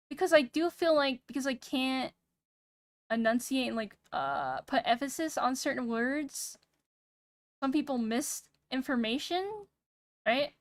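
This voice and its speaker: A young woman streaming casual chat, soft-spoken and a bit monotone, rambling and pausing every few words while she thinks. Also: high-pitched, no echo. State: sick. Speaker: VTuber streamer. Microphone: streaming mic with noise gate.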